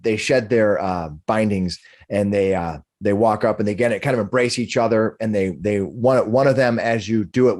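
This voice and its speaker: A man narrating a tabletop role-playing game as dungeon master, halting and restarting as he describes scenes and speaks for the characters. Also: lowish voice, a little mellow. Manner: halting, many restarts, narrates while voicing orcs and townsfolk.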